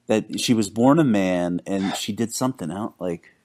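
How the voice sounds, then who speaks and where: A man co-hosting a casual podcast, telling stories in a halting, rambling way with lots of fillers and restarts. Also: lowish voice, a little mellow. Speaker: podcast co-host.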